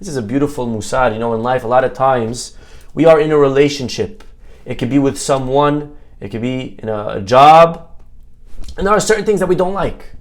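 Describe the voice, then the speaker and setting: A rabbi giving a Torah talk, telling a parable as an animated, jokey storyteller. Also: male voice, medium pitch.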